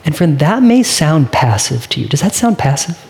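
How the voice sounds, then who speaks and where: Earnest male pastor, slightly high voice. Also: big pitch swings, normal speed, creaky, a little mellow. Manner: earnest, conversational preaching with direct questions to the congregation. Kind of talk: sermon.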